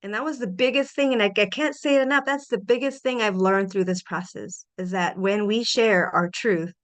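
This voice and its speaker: A middle-aged woman hosting a podcast, sharing personal reflections in an earnest, animated way with frequent restarts. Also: mid-range voice, normal speed. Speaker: podcast host.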